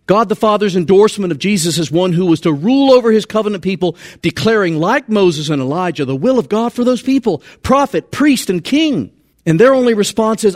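A man delivering a sermon in a high voice that swings widely in pitch. He preaches in an animated, conversational way, dropping low for emphasis and then rising again.

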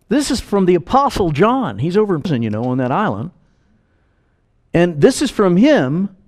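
An older man delivers a sermon from the pulpit. His voice sits a little high and swings widely in pitch, and he slips into acted voices for the people he quotes. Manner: animated preaching, acts out quoted voices. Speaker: pastor.

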